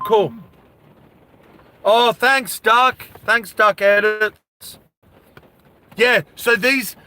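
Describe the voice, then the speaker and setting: Brief: man telling a story in a casual vlog, unhurried and bright, high-pitched voice. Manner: animated, laughs, asides to viewers.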